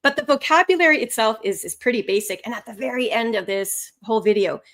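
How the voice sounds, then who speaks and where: A woman teaches a live online class with real energy. Her voice sits a little high and swoops up and down for emphasis. She laughs easily and keeps the tone friendly and encouraging. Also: fast talker. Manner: animated, swooping pitch for emphasis; laughs often. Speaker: language test instructor.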